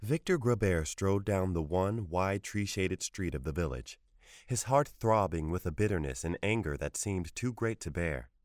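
Very deep and measured, a man's voice carries a short story at an even, leisurely pace. The recording is close-miked and dry, with no room sound at all.

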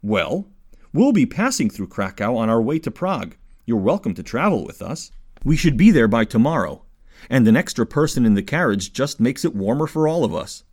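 A man voicing a kindly middle-aged rabbi who speaks in a gentle, soothing way. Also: medium pitch, sing-song, normal speed. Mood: reassuring.

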